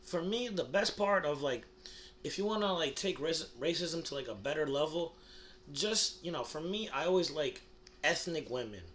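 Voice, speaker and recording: A man's voice: fairly high pitch, animated, normal speed, a bit bright, a little hiss or hum. A young man from the United States delivering a rambling, crude comedic monologue, full of fillers and restarts. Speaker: comedy vlogger.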